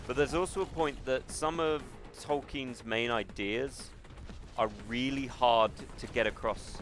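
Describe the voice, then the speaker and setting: Man musing aloud over loud game music. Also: mid-range voice, measured pace. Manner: rambling, musing, mutters at the game. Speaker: gaming streamer. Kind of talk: casual stream chat while gaming. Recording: game music and gunfire behind.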